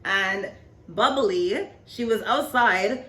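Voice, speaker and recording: In an echoey room, a woman in her twenties tells a storytime vlog to camera in a mid-range voice with a sharp tone and slow pace. She rambles casually, her speech full of "like, you know."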